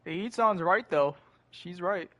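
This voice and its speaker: A man's voice: high voice, slow pace, fairly bright tone. A young man streaming a video game, talking in a laid-back, slangy way with frequent restarts. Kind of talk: casual gaming commentary. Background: game audio and music.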